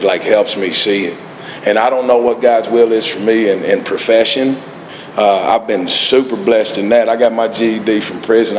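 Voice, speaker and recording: A man giving a laid-back recovery talk at a meeting, laughing often as he tells stories. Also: lowish voice. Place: meeting hall. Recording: echoey hall, faint ambient noise.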